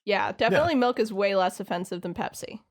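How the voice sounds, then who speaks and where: A woman co-hosting a podcast in casual chat, curious and quick to ask questions. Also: medium pitch, lively intonation. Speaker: podcast co-host.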